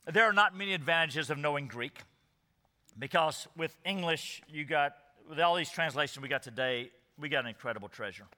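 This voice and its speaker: A man's voice: on the high side, expressive, brisk, bright, forceful tone. A man preaching an expository sermon, earnest and emphatic, often asking the congregation rhetorical questions. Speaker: pastor. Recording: echoey hall reverb.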